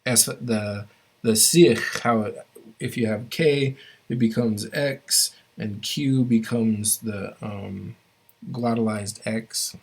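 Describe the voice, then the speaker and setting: Flat low-voiced man teaching grammar. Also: vocal fry, breathy edge. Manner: halting, stops often to restart phrases; explains rules step by step to students. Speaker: language teacher. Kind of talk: classroom grammar lesson.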